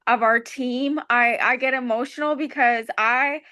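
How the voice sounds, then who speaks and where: A woman's voice: fairly high pitch, steady tone, a little slow, bright, forceful tone, clear, resonant tone. A woman giving a heartfelt, gushing speech of gratitude on a video call. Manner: gushing, effusive, grateful.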